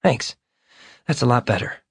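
A man's voice: mid-range voice, lively intonation, unhurried, breathy edge, no room sound, clean studio sound. A man doing an eager, chatty young guy. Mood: curious.

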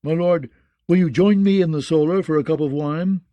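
A man voicing a smooth, courteous male lord with a mild, apologetic manner. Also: a little high, normal speed, no room sound, dull audio, pitched above the performer's own voice, lightly acted. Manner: soft-spoken, apologetic courtesy.

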